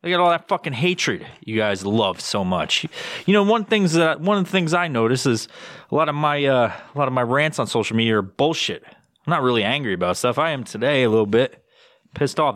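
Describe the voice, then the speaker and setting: A man's voice: medium pitch, animated, brisk, fairly bright tone, no room sound, clean studio sound. A man hosting his own podcast, rambling through sponsor plugs in a crude, swear-heavy casual monologue. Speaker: podcast host.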